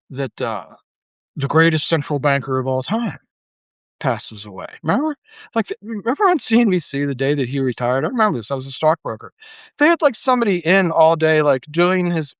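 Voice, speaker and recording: A man's voice: a little high, very animated, moderate pace, fairly bright tone, no echo. A middle-aged man hosting a podcast, ranting casually with frequent swearing and fillers. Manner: ranting, profane, full of fillers. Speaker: podcast host. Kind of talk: casual monologue.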